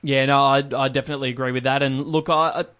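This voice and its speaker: A man's voice: medium pitch, fairly even intonation, quick pace, a bit bright, clear, resonant tone. A young man hosting a casual sports chat, rambling with frequent restarts. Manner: rambling, many restarts and "look" fillers. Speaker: podcast host.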